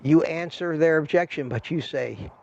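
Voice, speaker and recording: A man's voice: fairly high pitch, normal speed, vocal fry. Older guy chatting on his livestream, salesman patter, kinda muffled stream sound. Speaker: livestream host. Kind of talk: casual livestream chat with viewers. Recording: dull lo-fi stream audio.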